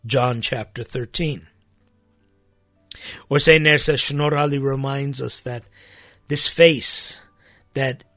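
A man with a gravelly, slightly husky voice teaches on Scripture as a podcast host, speaking in an emphatic, conversational way with asides. He is recorded close and dry. Faint music plays beneath him. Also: medium pitch, fairly bright tone, no room sound.

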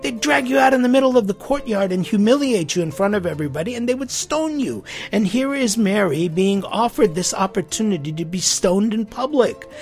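A man preaching a sermon in a lively, conversational way, with asides and quick questions to his listeners. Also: very high-pitched.

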